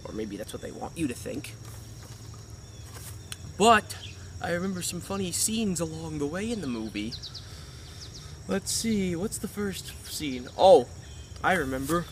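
A man's voice: a little high, big pitch swings, a little slow, pauses often, a little hiss or hum. A man hosting a comic movie review with a goofy, playful manner.

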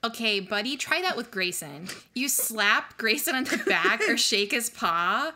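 A woman co-hosting a podcast, chatting casually and telling animated, blunt stories with some swearing. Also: a little high, a little slow. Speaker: podcast co-host. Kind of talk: casual chat.

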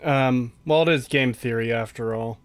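A man hosting a casual stream chat, dry and measured, steering the talk along. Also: mid-range voice.

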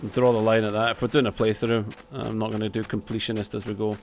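A man hosting a let's play, giving excitable gameplay commentary, swearing and humming tunes over game music. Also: fairly low pitch, fast.

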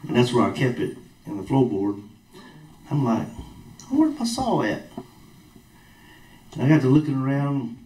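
A man's voice: mid-range voice, mellow. A man preaching a sermon in a church hall, telling a personal story in a folksy, plain-spoken way. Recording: roomy echo from a distant mic.

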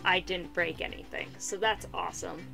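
A woman giving excitable, self-deprecating gameplay commentary and voice-over narration, swearing now and then. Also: on the low side, moderate pace, vocal fry, faint music behind. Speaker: gaming YouTuber.

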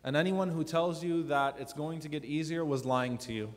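A man preaching to a youth conference, telling personal stories earnestly and dropping to a hushed voice for emphasis. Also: fairly high pitch, moderate pace. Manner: drops to a soft, hushed voice for emphasis. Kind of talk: emotional sermon. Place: large conference hall. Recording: long hall reverb.

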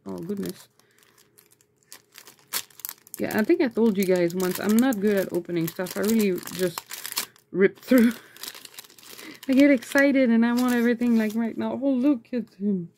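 A woman chatting casually as she unboxes sticker mail, excitable and chatty, breaking into high squeals over cute things. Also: moderate pace. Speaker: vlogger.

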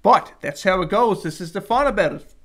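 Canadian vlogger, casual pack-opening commentary, bright tone, big pitch swings, gets excitable on good pulls. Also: brisk. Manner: lively running play-by-play, lists card names. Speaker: card collector vlogger.

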